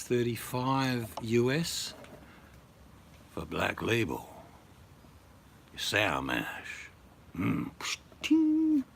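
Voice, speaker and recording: A man's voice: fairly low pitch, gravelly, fairly bright tone, slight background noise. A middle-aged Australian man vlogging in a blunt, joking, rambling way. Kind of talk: casual to-camera chat.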